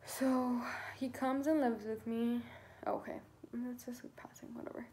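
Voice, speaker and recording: A woman's voice: on the high side, level tone, unhurried, mellow, a little hiss or hum. A pregnant teenage girl telling her story to camera in a casual vlog, chatty and full of fillers, swearing freely. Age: teens. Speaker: vlogger.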